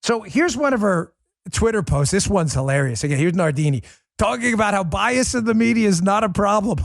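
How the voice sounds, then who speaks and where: Sarcastic high-voiced male talk host. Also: brisk, creaky, no room sound. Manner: sarcastic, mocking; animated, swings pitch when mimicking. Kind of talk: political talk show monologue.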